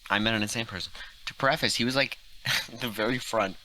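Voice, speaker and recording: A man's voice: mid-range voice, brisk, bright, forceful tone, a little hiss or hum, rough recording. Young man telling rambling, profane stories. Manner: rambling, profane storytelling with lots of fillers and restarts. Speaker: podcast co-host. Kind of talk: casual chat.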